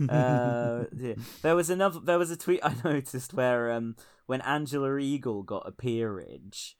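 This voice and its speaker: A man in casual political chat, talking in wry, rambling runs and laughing at his own jokes. His voice sits at an ordinary middle pitch, and he goes off on long tangents that circle back to the point. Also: takes it slowly. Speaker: podcast co-host.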